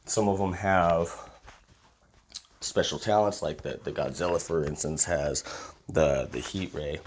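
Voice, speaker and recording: A man's voice: rumbling low, unhurried, slight background noise. A man who is sick, his voice slightly off, giving a casual, conversational game guide as a YouTuber. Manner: conversational and explanatory, wry. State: sick, voice a little off.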